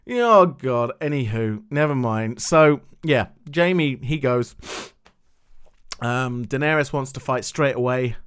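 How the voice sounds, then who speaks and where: A man's voice: mid-range voice, takes it slowly, clean tone. Rambling man recapping an episode. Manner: animated, swears freely, fillers like "anywho". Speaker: YouTube TV reviewer.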